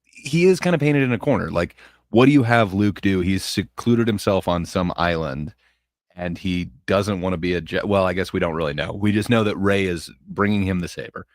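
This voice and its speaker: A man with a very low voice talks casually on his podcast, easygoing, often trailing off into fillers and soft chuckles. The sound is dry and close, with no room around it. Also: normal speed, no room sound. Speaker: podcast host. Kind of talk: casual chat.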